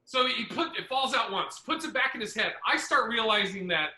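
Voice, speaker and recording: A man hosting a podcast, telling a comedy club story in a casual, profane, animated way. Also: extremely high pitch, moderate pace, echoey room, low-quality recording.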